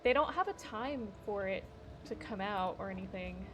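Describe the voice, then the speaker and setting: Over background music, a young woman with an animated, mid-range voice talks through her gaming stream at a moderate pace. She rambles, laughs a lot, and swears without holding back.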